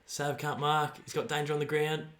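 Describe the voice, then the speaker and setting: An Australian man giving live fan commentary on a football match, excitable, shouting player names and dropping to mutters. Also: fairly high pitch, moderate pace. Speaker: fan streamer.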